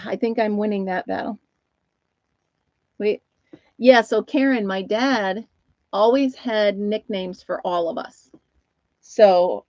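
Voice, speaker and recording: A woman's voice: medium pitch, darkish tone, no room sound. Chatty woman on a dull home stream. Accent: Upstate New York. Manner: chatty, laughs often, talks to her dog and viewers. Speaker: livestream host. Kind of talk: casual live chat.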